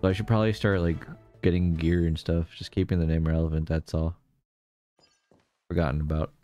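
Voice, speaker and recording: A man's voice: sits low, steady tone, brisk, warm tone, no echo, soft background music. A young man streaming live, chatting casually and jokily with his viewers in a rambling way. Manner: rambling, jokey, chats to viewers, laughs often.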